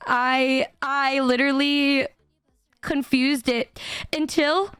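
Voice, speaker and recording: A young woman with a very high, girlish voice chats to her stream audience in quick, animated bursts. She laughs and curses casually as she talks. The sound is dry and close, with no room around it. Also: no echo. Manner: animated, laughing, swearing casually, many restarts. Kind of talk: casual storytelling to chat.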